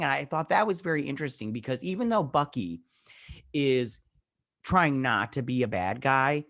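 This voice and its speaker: A man's voice: medium pitch, animated, normal speed, fairly bright tone, no echo, studio quality. A man hosting a casual episode review vlog, recapping scenes in a rambling way and acting out the characters' lines. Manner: frequent restarts and "he's all like". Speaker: show host reviewing a TV episode.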